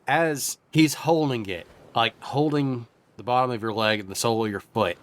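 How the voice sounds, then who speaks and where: A man narrating as game master of a tabletop game, lively and quick to laugh. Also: medium pitch.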